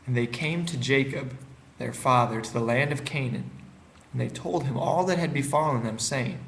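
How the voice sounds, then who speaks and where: A man giving a calm, steady, unhurried reading of scripture. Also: medium pitch, vocal fry, slight background noise. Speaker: scripture reader.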